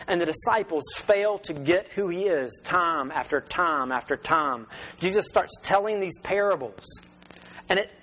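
A man's voice: high voice, a bit bright, slight background noise, poor audio. A man preaching a sermon as pastor in a conversational way, with rhetorical questions and restarts.

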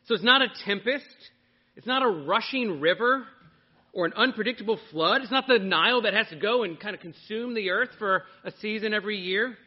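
A man preaching a sermon to a congregation, teaching in an animated way and putting questions to his listeners. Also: high-pitched, a little fast, dull audio. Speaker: pastor.

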